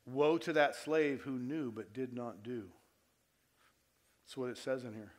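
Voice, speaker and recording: A man preaching a sermon to his church, moving between quiet appeals and loud emphatic stretches and asking his listeners direct questions. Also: medium pitch, unhurried. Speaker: pastor. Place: church service before a congregation.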